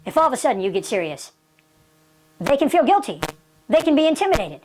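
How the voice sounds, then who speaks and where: A woman's voice: high voice, very animated, fast, slight background noise. A woman teaching sales technique in an emphatic, repetitive lecture style, often checking in with "okay?". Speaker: sales trainer.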